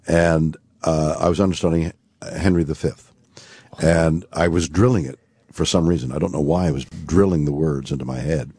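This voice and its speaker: An older man, a radio show guest, telling a long story in a halting way, full of fillers and restarts. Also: a bass voice, steady tone, dark tone, slightly rough, no echo.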